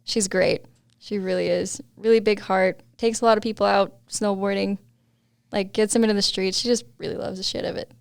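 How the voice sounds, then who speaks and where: A woman's voice: mid-range voice, fairly even intonation, a little fast, creaky, clear, resonant tone, no room sound, studio quality. A young adult woman, a podcast guest, telling a story in casual chat, laughing often and saying "like" a lot.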